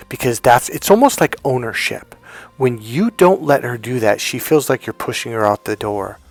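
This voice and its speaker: A man coaching on dating, telling a personal story in a lively way and raising his voice high to quote his girlfriend. Faint music plays behind him. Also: moderate pace. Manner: animated storyteller, high-pitched when quoting his girlfriend. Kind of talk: storytelling monologue.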